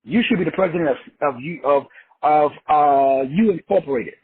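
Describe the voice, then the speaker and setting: Casting: high, husky-voiced man from Texas, slangy motivational preacher, lo-fi call audio. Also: normal speed. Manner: emphatic, repetitive, slangy and profane. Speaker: teacher leading an online call. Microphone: online call. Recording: phone-like lo-fi audio.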